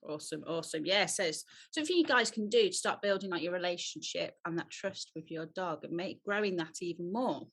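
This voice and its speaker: A woman's voice: fairly low pitch, expressive, brisk, few pauses, fairly bright tone, slightly rough. A woman hosting an interview about dog training in an upbeat way, laughing often. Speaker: host.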